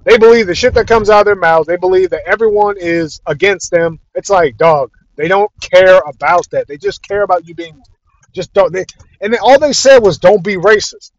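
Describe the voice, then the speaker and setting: In dry, dull lo-fi audio, a young man speaks at a moderate pace in a high voice, venting about a fandom on his podcast. The rant is casual, exasperated, laden with swearing, and repetitive.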